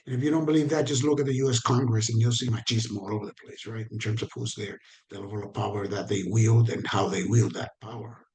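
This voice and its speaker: A man's voice: fairly low pitch, steady tone, quick pace, a little mellow. Man giving a conversational training lecture. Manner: conversational, checks in with "right?".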